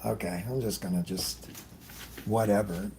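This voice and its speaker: Easygoing man host of a live art demo, slow and mellow, chatty and meandering, greets viewers by name. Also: fairly low pitch, fairly even intonation, a little hiss or hum. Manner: talks while working, trailing off often. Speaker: airbrush artist hosting a livestream. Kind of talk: casual live demonstration.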